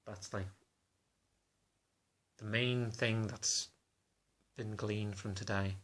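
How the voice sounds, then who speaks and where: Guy rambling in a confessional vlog, lowish flat voice, halting n hesitant. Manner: halting, hesitant, self-conscious. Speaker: vlogger.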